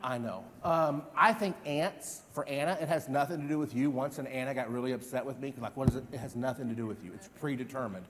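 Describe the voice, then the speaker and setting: A man in his fifties giving an energetic live stage demonstration as a memory trainer, quizzing the audience with repeated questions. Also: mid-range voice, fast talker, few pauses, background noise. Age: 50s. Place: large event hall. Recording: long hall reverb.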